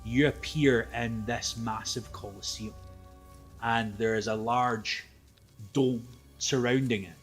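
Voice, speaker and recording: A man narrating a tabletop game as game master, lively and laughing often, with loose asides. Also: medium pitch, takes it slowly, faint music behind.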